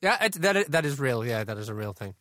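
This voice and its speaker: A man's voice: mid-range voice, big pitch swings, fast talker, fairly bright tone, dry recording, studio quality. A man on a comedy panel, wry and self-deprecating. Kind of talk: comedy podcast banter.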